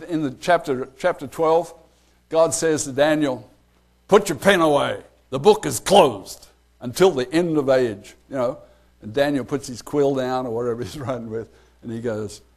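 A man leading a casual Bible study, chatty and animated, laughing often and acting out quoted lines. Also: medium pitch.

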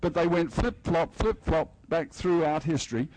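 A man's voice: a little high, expressive, moderate pace, a little mellow, rough recording. An older man preaching a festival sermon in a loose, joking, conversational way, acting out little dialogues with the congregation. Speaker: pastor. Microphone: headset mic.

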